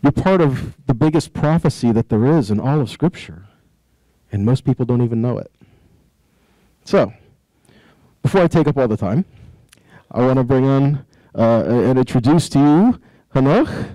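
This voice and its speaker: A man hosts and teaches in a preaching style, posing rhetorical questions to his listeners. His tone is mellow and a little dark, and the sound is dry. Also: mid-range voice, animated, moderate pace, pauses often, no echo, rough recording. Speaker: host, ministry teacher.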